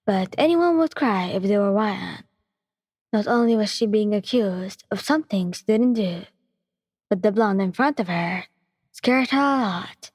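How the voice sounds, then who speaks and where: Brief: woman narrator, breathy tone, dry close sound with a long reverb tail. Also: medium pitch, a little mellow. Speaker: storyteller. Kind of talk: scripted story narration.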